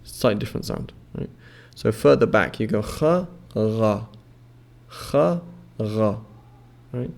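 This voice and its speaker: This man's lowish, slightly mellow voice has a gravelly creak, and his intonation is lively as he patiently teaches pronunciation. Each sound gets repeated and stretched out slowly in his instructional explanation, with frequent checks that the listener is keeping up.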